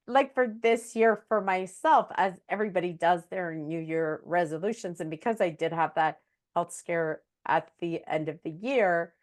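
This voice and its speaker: A woman hosting an interview, telling stories in a chatty way and laughing often. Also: fairly low pitch. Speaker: host, psychic medium. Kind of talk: casual interview chat.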